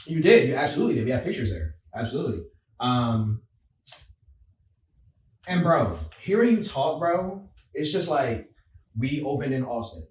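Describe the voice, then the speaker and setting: A male podcast host talking with energy and emphasis, his pitch rising and falling freely. The sound is roomy and a little distant, as if he is sitting away from the microphone. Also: moderate pace, long pauses. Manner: animated, emphatic, calls people bro. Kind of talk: casual conversation.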